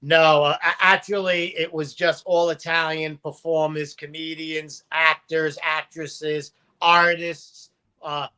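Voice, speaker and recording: Guy, guest storyteller; punchy, bright tone, loud when he quotes people. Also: a little high, slow, smooth. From Brooklyn, New York. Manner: animated, profane, acts out quotes loudly. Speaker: podcast guest. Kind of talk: casual storytelling.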